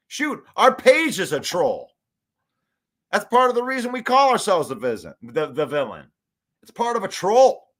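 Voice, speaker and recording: Man, high voice, sports fan host, hyped live-stream chatter. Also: moderate pace. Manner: animated, hyped, reads chat aloud, laughs often.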